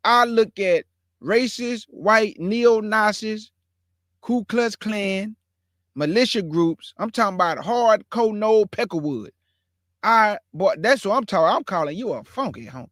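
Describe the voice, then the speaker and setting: A man's voice: high-pitched, animated, measured pace, fairly bright tone, no room sound, clean studio sound. A man hosting his own online show, commenting live to his viewers in an emphatic, repetitive way and stretching out words for effect.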